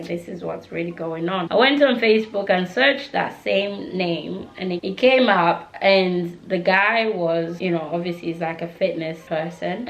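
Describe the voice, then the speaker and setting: A young woman spills her news to camera in a casual, slangy vlog voice that sits slightly low. She laughs easily between phrases. The room around her rings with echo. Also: creaky. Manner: chatty and slangy, laughing often. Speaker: vlogger.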